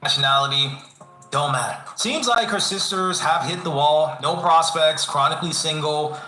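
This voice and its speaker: Wry male commentator, very bright tone, chuckles, echoey played-back clip. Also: a little high, moderate pace. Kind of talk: reaction commentary.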